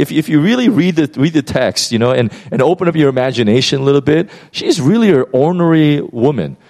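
A pastor preaches a sermon, retelling a Bible story in a lively, conversational way full of fillers and restarts. His voice is on the high side.

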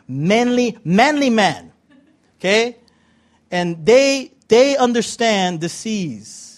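A man preaching in a high, lively voice that swings widely in pitch. He talks to his congregation in a loose, conversational way, with playful asides and questions thrown at the room. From California. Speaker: pastor. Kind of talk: sermon.

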